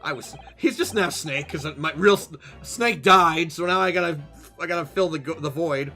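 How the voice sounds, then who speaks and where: A man's voice: fairly high pitch, moderate pace, pushed and bright, soft background music. A man streaming a game, giving casual, jokey commentary and swearing freely.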